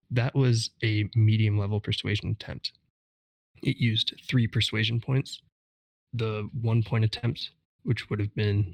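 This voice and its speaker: A man's voice: lowish voice, little pitch movement, unhurried, creaky, dry recording. A man co-hosting a podcast, explaining game mechanics step by step in casual chat. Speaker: podcast co-host.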